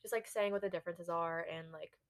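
A woman's voice: lowish voice, steady tone, brisk. Young woman, podcast co-host, casual chat, lots of "like" fillers. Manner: filler-heavy, rambling, lots of "like".

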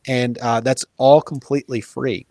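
An earnest man talks things through in a relaxed interview, pausing on fillers and restarting his sentences as he thinks. His voice sits in a middle range and sounds dry and close, with little room around it. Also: medium pitch, dry recording. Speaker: guest. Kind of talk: casual conversational explaining.

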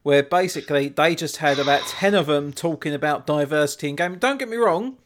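A man's voice: on the high side, a little fast, fairly bright tone, a little hiss or hum. A man hosting a casual podcast chat, rambling wryly and quoting others with sarcasm.

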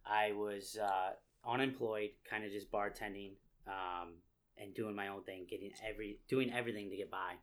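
A man's voice: lowish voice, steady tone, moderate pace, a bit bright. A man in his thirties from upstate New York, a real estate agent who talks as a guest in an easygoing, storytelling way. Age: 30s. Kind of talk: casual podcast chat.

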